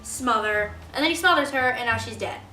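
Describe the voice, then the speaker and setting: A woman's voice: high voice, animated, quick pace, bright, forceful tone, recorded from a distance. A young woman student retelling a play's plot in a casual, chatty way, full of fillers. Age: young adult. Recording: roomy echo, faint music.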